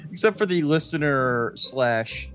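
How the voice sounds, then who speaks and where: A man's voice: fairly high pitch, animated, unhurried, a bit bright, soft background music. A man co-hosting a podcast in casual chat, swearing freely and laughing often as he rambles. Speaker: podcast co-host.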